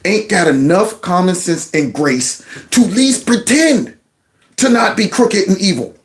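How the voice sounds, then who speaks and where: Middle-aged male commentator, fired up and sarcastic, higher pitch. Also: very animated, measured pace. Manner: heated, mocking, mimics voices. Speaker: political commentator. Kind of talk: ranting reaction commentary.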